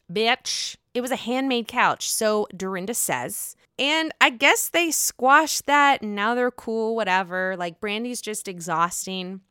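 Woman, bright voice, dry close sound, chatty profane reality TV recap. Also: fairly high pitch, smooth, no room sound. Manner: blunt, profane, chatty and opinionated. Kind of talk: casual gossipy recap monologue.

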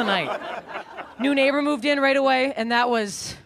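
A woman's voice: high-pitched, moderate pace, vocal fry. Crude woman comic in her thirties. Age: 30s. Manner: crude, self-deprecating, acts out shouted quotes. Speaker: stand-up comedian. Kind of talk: stand-up comedy set. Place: comedy club stage. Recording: live club with faint crowd and noise. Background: audience laughter.

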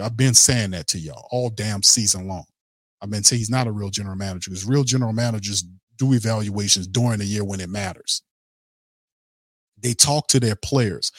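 A man's voice: fairly low pitch, a bit bright, dry recording, studio quality. Blunt, heated male sports podcaster. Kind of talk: casual sports commentary rant.

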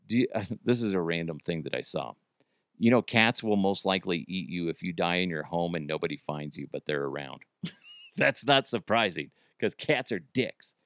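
A man hosting a casual podcast, tossing out profane jokes and laughing as he talks. His pitch swoops up and down freely, and the recording is close and dry. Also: fairly bright tone, dry recording. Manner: joking, profane, laughs often. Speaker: podcast host.

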